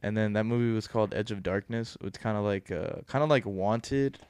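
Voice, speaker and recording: A man co-hosting a podcast in relaxed casual chat, laughing easily and trailing off mid-sentence. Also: on the low side, fairly quick, clean tone, dry recording. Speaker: podcast co-host.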